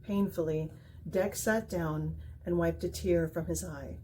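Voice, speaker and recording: A woman reading a children's picture book aloud with expressive, gentle storytelling. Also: lowish voice, measured pace, a little hiss or hum.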